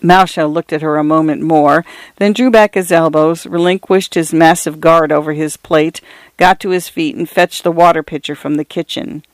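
A man narrating a first-person story in a measured, even way. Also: fairly high pitch, clear, resonant tone, dry recording.

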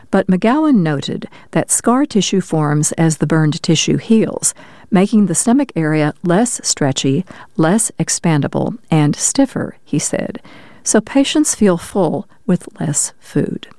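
A woman reading science news articles aloud in a measured, even scripted narration. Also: fairly low pitch, no room sound, clean studio sound. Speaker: news reader.

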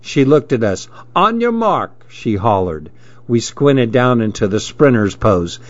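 A man narrating a story in a measured, steady reading voice, in a dull lo-fi recording. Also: fairly low pitch.

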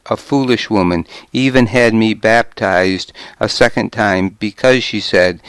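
A man reading a first-person story aloud, grim and measured, in a dry close studio recording. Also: on the low side, clear, resonant tone, no echo. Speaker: audiobook narrator. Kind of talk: first-person scripted narration.

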